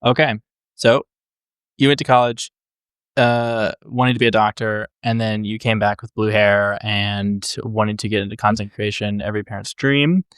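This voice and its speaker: A man hosting a casual interview podcast, talking in a relaxed, rambling way and repeating words as he thinks. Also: on the low side, moderate pace, clear, resonant tone, no echo, clean studio sound. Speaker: podcast host.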